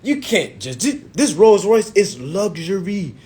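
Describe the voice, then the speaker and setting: A man's voice: high-pitched, sing-song, measured pace, mellow, voice pushed up. A man imitating a formal, slightly patronizing male car salesman with an African accent, as part of a story he tells. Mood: firm.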